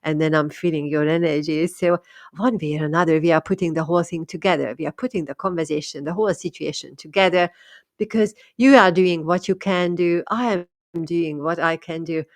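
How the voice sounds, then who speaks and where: Low-voiced woman. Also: brisk, no room sound, clean studio sound. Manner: thoughtful, repeats and restarts words. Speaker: medium sharing experiences. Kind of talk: casual monologue.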